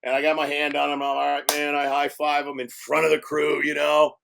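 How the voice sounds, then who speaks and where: An older man tells stories from his directing days in a loose, rambling way. He stops and restarts often and fills gaps with um and you know. His voice grows animated when the story turns funny. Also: a little high, fairly quick, gravelly, background noise. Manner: rambling, many fillers and restarts. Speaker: film director guest. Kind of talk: casual storytelling interview.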